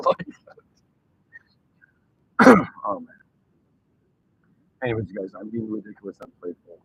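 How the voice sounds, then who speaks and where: A man's voice: lowish voice, steady tone, measured pace, pauses often, a bit bright, slight background noise, low-quality recording. A man hosting a solo podcast, rambling casually and breaking into laughter again and again. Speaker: podcast host.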